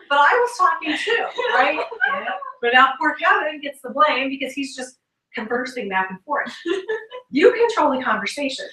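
A woman giving an upbeat motivational talk, slipping into little acted-out dialogues as she tells her stories. Her voice is bright and sharp, and it comes from a little way off in an echoey room. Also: sits high, a little fast, recorded from a distance, a little hiss or hum. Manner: animated storytelling, acts out quoted conversations. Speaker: guest speaker and sales trainer.

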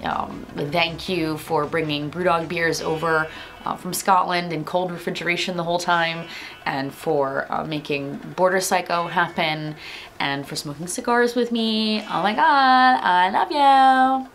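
A woman's voice: sits low, a little slow, a bit bright, a little hiss or hum. A woman vlogger talking frankly and casually to her camera, with lots of ums and likes. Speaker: beer vlogger.

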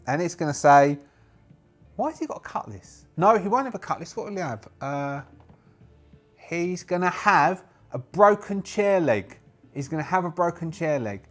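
A man narrating a solo tabletop game, thinking aloud and rambling with many fillers. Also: on the high side.

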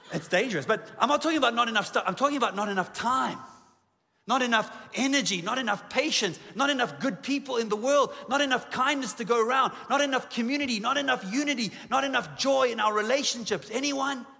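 A man's voice: high-pitched, gravelly, pushed and bright. A man pastor preaching a sermon in a church auditorium, joking at his own expense and stacking emphatic repeated lists. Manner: humorous, self-deprecating asides. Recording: long hall reverb in a church.

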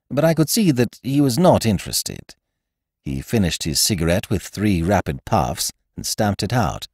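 Male storyteller, very animated pitch, dry dead room, wry expressive reading. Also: no room sound. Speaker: audiobook narrator and podcast host. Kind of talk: scripted storybook narration.

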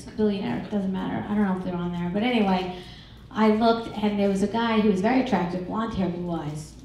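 A middle-aged woman performing a stand-up comedy set, crude and brash with a deadpan, self-mocking delivery. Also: medium pitch, slight background noise. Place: comedy club stage. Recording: echoey club recorded from far off.

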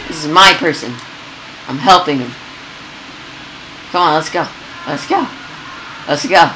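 Excitable lively-voiced woman gamer. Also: low-pitched, normal speed, pauses often, slight background noise, low-quality recording. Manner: excitable, yelps and laughs at chaos. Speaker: gameplay commentator. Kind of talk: casual game commentary.

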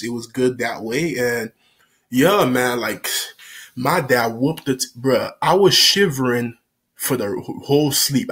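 A man vlogger telling a story in a casual, slangy, animated way. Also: mid-range voice.

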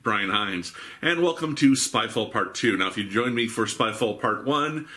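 A man's voice: on the low side, expressive, moderate pace, sharp tone. Chatty man hosting a reaction show. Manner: chatty, musing, wry asides. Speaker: host. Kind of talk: live reaction commentary.

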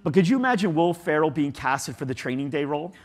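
A man speaking as a guest in an interview, animated and storytelling, leaning on "like" a lot. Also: on the high side, quick pace, background noise. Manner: animated, storytelling, says "like" often. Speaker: guest agency CEO. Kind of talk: conversational interview.

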